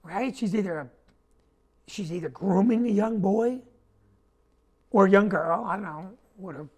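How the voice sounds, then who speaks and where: A man hosting a comedy talk show, ranting with animated indignation and quick asides. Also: high voice. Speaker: comedian host.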